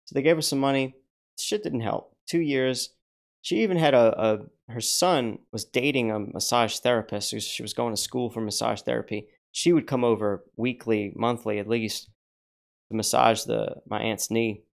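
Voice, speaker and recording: A man's voice: mid-range voice, steady tone, moderate pace, gravelly. A man hosting a livestream, telling stories casually. He rambles, restarts often, swears now and then, and acts out the people in his stories. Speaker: livestream host.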